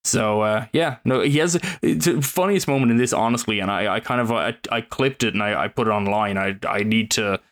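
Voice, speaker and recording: A man co-hosting a podcast, chatting casually about films, animated and quick to swear and laugh. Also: fairly low pitch. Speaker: podcast co-host. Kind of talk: casual film review chat.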